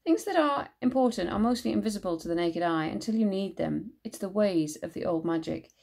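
A woman voicing a steady male leader of a forest camp who speaks briskly and cautiously. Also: mid-range voice, creaky, noisy background.

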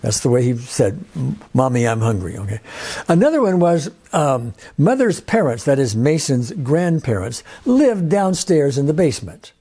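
A man's voice: on the high side, very animated, moderate pace, mellow, breathy edge. A man, older, hosting and explaining in a casual way, rambling with restarts and fillers. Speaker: host.

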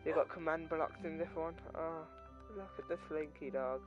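A man's voice: fairly high pitch, steady tone, moderate pace, highs cut off. A man hosting his own gaming channel, chatting casually and rambling off topic while he plays, into his own microphone. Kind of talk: casual gameplay commentary. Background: game music.

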